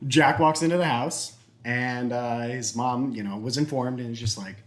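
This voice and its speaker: Animated man telling a long joke. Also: medium pitch, a little hiss or hum. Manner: animated, acts out characters' lines in quick put-on voices. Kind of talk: casual chat.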